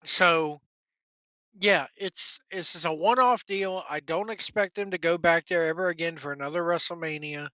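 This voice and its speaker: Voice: mid-range voice, normal speed, bright, forceful tone, no room sound. A wrestling news vlogger, ranting bluntly and sarcastically with casual profanity. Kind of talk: casual opinion rant.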